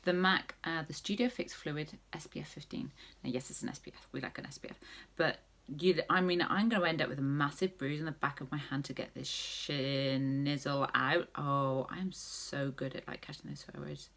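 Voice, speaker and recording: A woman talks her viewers through a makeup tutorial in a loose, rambling way, full of jokey asides. Her voice sits very low with a lot of gravelly fry. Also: moderate pace, few pauses, a bit bright. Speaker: makeup vlogger. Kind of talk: casual makeup tutorial chat.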